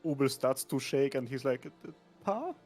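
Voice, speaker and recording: A man's voice: mid-range voice, fairly quick, darkish tone, soft background music. A man taking part as a player in a tabletop game, thinking aloud and hesitating as he decides what his character does.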